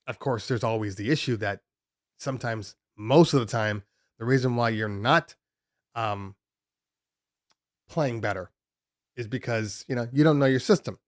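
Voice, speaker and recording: A man's voice: medium pitch, moderate pace, pauses often, no room sound. Male live-stream host, loose chatty delivery, home-studio feel, dead dry sound. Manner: loose and rambling, many ums and restarts. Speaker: DJ podcast host.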